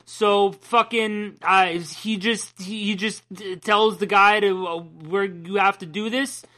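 Profane, ranting podcast guy with a bright voice. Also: high voice, fairly even intonation, slow pace. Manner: profane, ranting, laughs often. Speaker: podcast co-host. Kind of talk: casual comic book chat.

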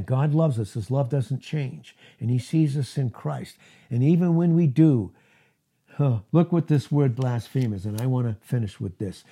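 A husky-voiced man preaching a sermon. He talks emphatically and often leaps into high, animated bursts of emphasis. His voice has a slightly breathy edge.

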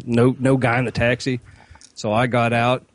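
A man's voice: mid-range voice, completely flat delivery, moderate pace. A man on a comedy podcast, casually telling a profane anecdote and acting out quotes along the way. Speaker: regular podcast panelist.

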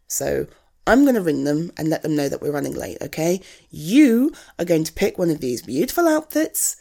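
A woman's voice: low-pitched, vocal fry, mellow, heavily acted. A woman playing a young woman's blunt best friend in a one-sided audio role-play, swearing freely and giving frank tough love. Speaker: friend talking to the listener.

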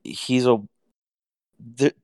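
A man's voice: extremely slow, darkish tone, no room sound, studio quality. A man co-hosting a podcast, joking around and laughing in casual chat.

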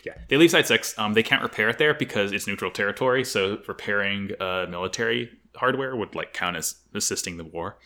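A man's voice: on the low side, a little fast, few pauses. A man co-hosting a casual podcast, recapping an anime episode with jokes, swearing and frequent laughter. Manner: animated, laughs often, swears, jokey. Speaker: podcast co-host.

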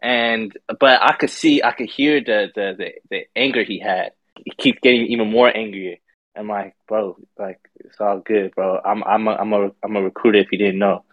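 A man's voice: fairly low pitch, steady tone, normal speed, no room sound, dull audio. A young man telling a long, profane story to friends in a casual, rambling way, stumbling over and repeating words. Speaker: podcast storyteller.

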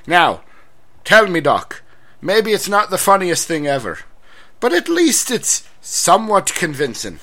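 A jolly comic Irishman, put on by a man, chirps along in a high, sing-song stage brogue. The voice is bright and edgy, and it leaps up and down. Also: huge pitch swings, measured pace, heavily acted. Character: comic stereotyped Irishman named Patio Furniture, cheery.

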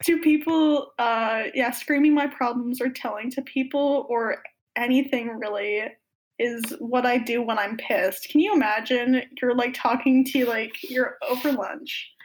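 A woman's voice: a little high, measured pace. A young woman reading fan fiction aloud in a casual podcast, breaking off to laugh and rant about it.

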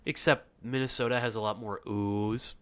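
A podcast co-host in casual chat, dry and blunt, with wisecracking jokes. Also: male voice, fairly low pitch, steady tone, normal speed, fairly bright tone, clean tone.

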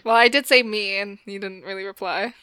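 A woman's voice: medium pitch, steady tone, fairly quick, bright, forceful tone, clear, resonant tone. A woman playing a tabletop game, hesitant and flustered, laughing often. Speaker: player. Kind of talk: casual tabletop play.

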